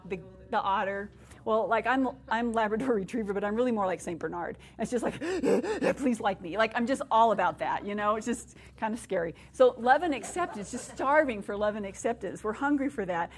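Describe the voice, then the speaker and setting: A woman in her fifties giving a sermon to women, telling self-deprecating stories with lively laughter. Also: mid-range voice, a little hiss or hum. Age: 50s. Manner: animated storyteller, self-deprecating humor, laughs while speaking. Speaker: women's ministry speaker.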